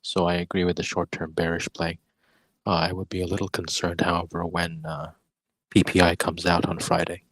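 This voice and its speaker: A man with a deep, even voice runs through trading data in a voice chat. He speaks in a measured, analytical way, laying out each condition in turn. The sound is dry and close. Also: no room sound, poor audio. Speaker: regular trader in a live voice chat. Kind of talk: casual market discussion. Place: in a city, away from home.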